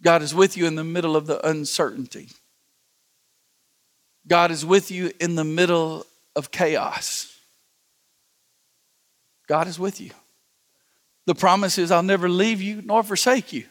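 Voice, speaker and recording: A man preaching a sermon, repeating refrains and then softly reading scripture and praying. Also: sits high, steady tone, a little slow, long pauses. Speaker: pastor. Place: church campuses.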